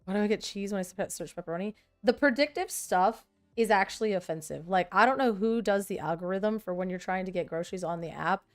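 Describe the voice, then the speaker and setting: A woman's voice: mid-range voice, fairly quick, hardly any pauses, soft background music. Chatty self-mocking woman vlogger. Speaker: vlogger sorting trading cards. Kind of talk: casual chat while working.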